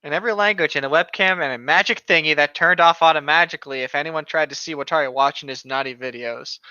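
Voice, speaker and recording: A young man co-hosting a casual podcast chat, sarcastic and quick with profane jokes, on a dull lo-fi mic. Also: fairly high pitch, sharp tone, smooth, no room sound. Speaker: podcast co-host.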